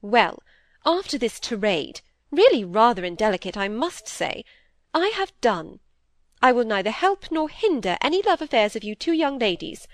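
A woman's voice: on the high side, very animated, moderate pace, no room sound. A woman reading the part of a vain, fretful middle-aged stepmother who speaks querulously. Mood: offended. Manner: querulous, peevish.

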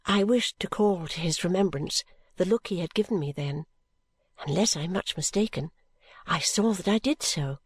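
A woman reading a classic novel aloud as first-person narrator, in a gentle, measured storytelling manner. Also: lowish voice, slightly rough, dry recording. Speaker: audiobook reader.

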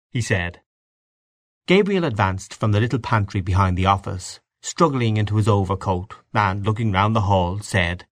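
A man narrating a classic story in a measured, expressive reading. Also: on the low side, no echo, studio quality.

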